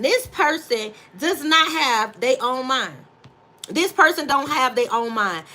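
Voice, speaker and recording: Bright high-voiced woman tarot reader. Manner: effusive, repeats phrases, calls viewers baby and y'all. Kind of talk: live tarot reading, greeting chat viewers.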